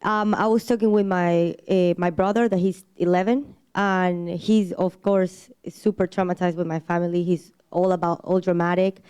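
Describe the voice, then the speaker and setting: A woman in a church group, telling her story in an earnest, halting way with many restarts. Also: on the low side, fairly even intonation, darkish tone, smooth. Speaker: church member sharing a story. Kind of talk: casual testimony.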